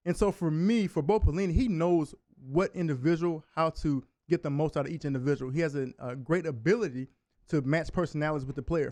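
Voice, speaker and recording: A former college linebacker guests on a sports talk show in a radio studio, telling stories fast and laughing as he goes. His voice is a little high and a little mellow, and the recording is dry.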